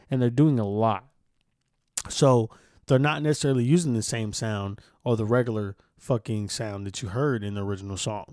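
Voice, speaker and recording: A man's voice: medium pitch, mellow, no echo, clean studio sound. A young man hosting a solo podcast, reading news aloud and then ranting about it with heavy profanity. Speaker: podcast host.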